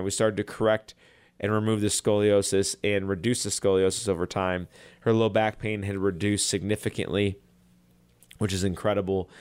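Earnest chiropractor man, smooth clear voice. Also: fairly low pitch. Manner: earnest, conversational, retells patient stories. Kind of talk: casual talk to camera.

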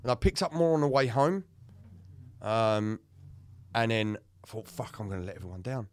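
Here the co-host's voice sits lowish, moving at a normal speed, clear and resonant, with no echo around it. He's telling a personal tale on a casual podcast, frank and animated, with plenty of swearing along the way.

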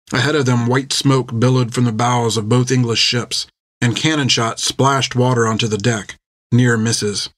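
A man reading an adventure novel aloud in measured, scripted narration on a close mic. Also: mid-range voice, steady tone, no echo. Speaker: audiobook narrator.

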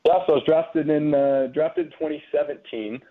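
A man in his twenties, a former pitcher, telling stories in a relaxed way with plenty of fillers. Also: moderate pace. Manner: relaxed storytelling, frequent fillers. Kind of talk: casual phone interview. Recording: tinny phone line.

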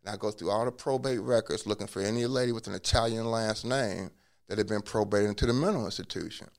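A man telling his life story in a relaxed interview, acting out what people said to him. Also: on the low side, quick pace. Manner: acts out quoted dialogue in a lively way; casual, drops curse words. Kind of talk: conversational storytelling.

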